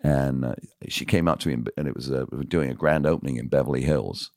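An older man with an English accent, a podcast guest telling lively anecdotes from his radio career in a casual way. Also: a bass voice, quick pace, creaky, dry recording, studio quality. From England. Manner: animated anecdotes, lively voiced quotes. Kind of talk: casual storytelling.

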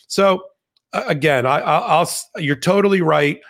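A man as a legal commentator guest in a conversational interview, explaining points in an animated, argumentative way with frequent restarts. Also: fairly high pitch, moderate pace.

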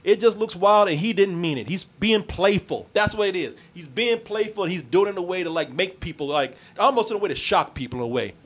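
High-voiced laughing man, loose and profane. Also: animated, a little fast, few pauses. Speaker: podcast host. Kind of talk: casual podcast chat.

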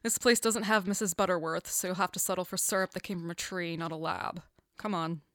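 A woman playing a dry, deadpan character who flatly corrects her friend. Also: on the low side, brisk, no room sound, lightly acted.

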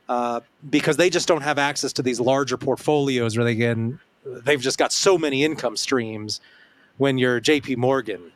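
A man, a podcast host, making a conversational point and checking agreement. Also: medium pitch. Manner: conversational, ends with a tag question. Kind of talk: podcast discussion.

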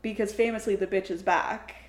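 A woman's voice: mid-range voice, a little fast. A young woman co-hosting a podcast, talking casually about TV shows and peppering her sentences with "like". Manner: chatty, frequent "like" fillers, animated laughter. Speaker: podcast co-host. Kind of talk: casual chat. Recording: roomy echo.

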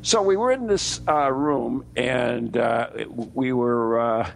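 An American man co-hosting a radio show, telling a story in a rambling, halting way with many fillers. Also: mid-range voice, gravelly, a little hiss or hum. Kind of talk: casual radio banter.

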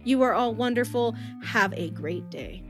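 A woman hosts a podcast, effusive and quick to laugh as she thanks her guests and reads the outro. Her voice sits a little high, with faint music under it. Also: expressive. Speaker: podcast host. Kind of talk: casual podcast hosting.

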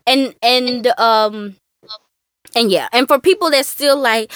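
A woman co-hosting a casual podcast, talking with animated ups and downs and mimicking other people. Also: a little high, takes it slowly, clear, resonant tone, no echo, clean studio sound. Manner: animated, mimics voices with laughs. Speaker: podcast co-host.

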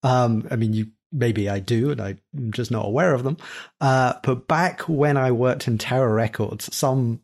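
A man in his fifties chatting on a podcast panel with dry, wry humor. His pitch sits in the middle, and he speaks in an easy conversational flow. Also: a little slow, a little mellow. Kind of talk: casual chat.

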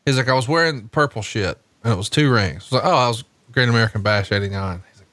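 Man, podcast host, casual chat over a wrestling match, lively storyteller, cursing, dry close sound. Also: medium pitch, quick pace, no room sound. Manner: animated storytelling, swears casually.

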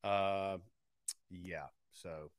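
A man's voice: sits low, steady tone, drawn-out words, smooth, dry recording. A man hosting a call-in sports talk show, upbeat and fond of repeating phrases for emphasis. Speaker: sports radio show host.

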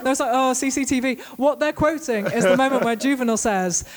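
A woman giving a live talk to an audience as a guest author, witty and brisk with deadpan asides. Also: high-pitched. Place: event venue with a live audience.

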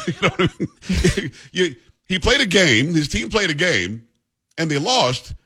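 A man's voice: a little high, very animated, moderate pace, a bit bright, slightly rough. A male radio talk show host in blunt, joking, opinionated banter with a co-host. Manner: blunt, joking, self-mocking.

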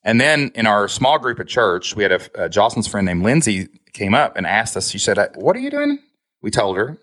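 A man's voice: fairly low pitch, brisk, fairly bright tone, no echo. A man, a podcast guest telling his story with candid, emotional earnestness and a frequent "man". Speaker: guest, online business founder.

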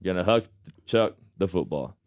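A man's voice: deep voice, animated, moderate pace, darkish tone, no echo, muffled recording. A man hosting a sports radio show in a studio, chatting casually and laughing, calling people man and brother. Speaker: radio show host, football quarterback. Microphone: studio microphone.

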